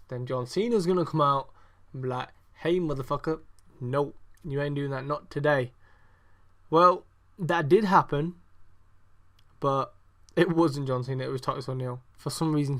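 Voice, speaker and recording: A young man hosting a podcast, reviewing wrestling in a rambling, sarcastic way, full of swearing and ums. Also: medium pitch. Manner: exasperated, sarcastic. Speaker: podcast host. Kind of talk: casual wrestling review chat.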